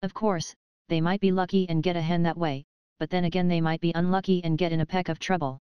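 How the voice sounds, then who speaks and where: A woman narrating a children's animal storybook audiobook in an even, measured reading. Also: fairly low pitch, clear, resonant tone, dry recording, lo-fi sound.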